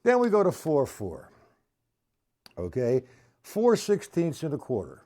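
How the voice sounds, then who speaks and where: A man's voice: a little high, wildly swooping pitch, slow pace, pauses often, darkish tone. A man teaching drum rudiments on a live stream, counting beats aloud and chatting with viewers in the chat.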